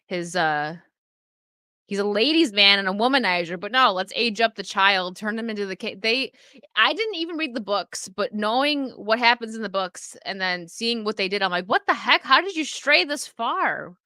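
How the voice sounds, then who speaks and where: Young woman streamer rambling to chat, bright voice, dry close sound. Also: mid-range voice, animated, normal speed, smooth, no echo. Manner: chatty, reacts to viewer comments, frequent laughs and fillers. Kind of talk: casual live-stream chat.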